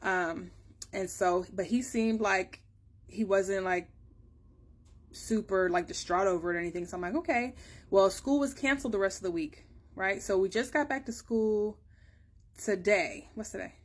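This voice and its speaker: A woman in her thirties, a mother chatting casually to her viewers and telling a long story, acting out her own questions with sudden rises in pitch. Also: moderate pace. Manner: chatty storytelling, acts out dialogue with rising pitch. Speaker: mother giving a family update. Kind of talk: casual chat to camera.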